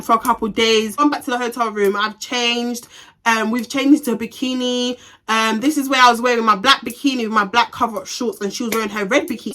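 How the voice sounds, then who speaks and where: Brief: young woman vlogger, fairly high, bright voice, animated and profane storytime delivery. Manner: animated, profane, slangy retelling. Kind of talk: casual storytime.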